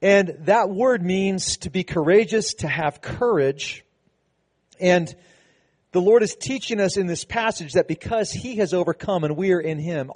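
A man's voice: high-pitched, a little mellow. A man, a pastor, giving a sermon in a conversational, preaching way, with frequent restarts and emphatic passages.

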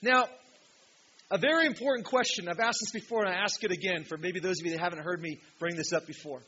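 A male pastor preaching a sermon in a church, emphatic, swinging from loud, ringing peaks to quiet asides. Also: sits high, quick pace, husky. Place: church hall with a projection screen. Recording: dull lo-fi sound with faint hiss.

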